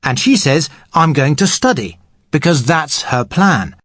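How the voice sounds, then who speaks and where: A man teaching English on a podcast, explaining grammar patiently and clearly. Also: a little high, sing-song, a little slow, a bit bright, no echo, studio quality. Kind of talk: explanatory language lesson.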